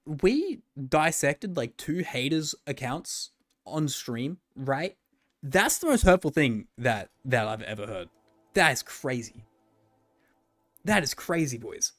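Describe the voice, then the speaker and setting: A man's voice: on the high side, big pitch swings, takes it slowly, fairly bright tone. A man streaming about gacha games in a casual, rambling way, joking and swearing freely. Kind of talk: casual livestream commentary. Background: faint background music.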